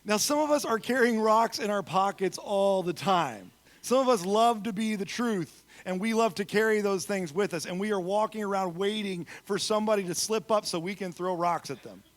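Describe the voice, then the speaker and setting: In a church sanctuary, a high-voiced man preaches as a guest speaker, telling stories with acted-out quotes. He swings between loud emphasis and soft, quiet moments.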